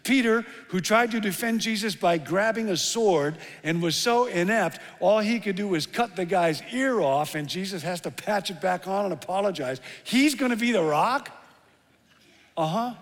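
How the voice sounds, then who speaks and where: A middle-aged male pastor preaching a sermon, telling stories with lively emphasis that drops to hushed tones. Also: high voice, normal speed, hardly any pauses. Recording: long hall reverb.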